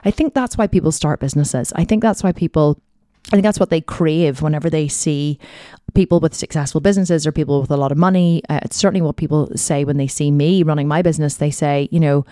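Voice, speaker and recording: A woman's voice: deep voice, quick pace, warm tone, dry recording, studio quality. A woman podcast host telling a candid personal story, rambling and heartfelt, with lots of fillers.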